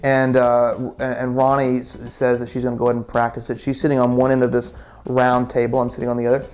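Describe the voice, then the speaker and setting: A man's voice: mid-range voice, completely flat delivery, fast talker, a little mellow. A man telling a story casually, with many restarts and repeated words.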